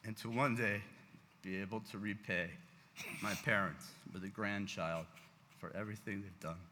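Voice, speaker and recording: A man's voice: on the low side, steady tone, moderate pace, bright, forceful tone. A man giving an emotional, heartfelt speech as the father at his daughter's bat mitzvah, fighting back tears. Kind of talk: parent's speech read at a ceremony. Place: large synagogue sanctuary. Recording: reverberant hall, faint background noise.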